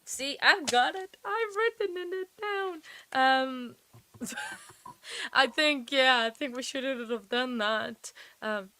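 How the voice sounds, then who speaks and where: A woman's voice: sits high, lively intonation, takes it slowly, sharp tone. A woman hosting a live stream, chatting and rambling to her viewers while commenting on a trial, a little sleepy. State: sleepy, yawning. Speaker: livestream host.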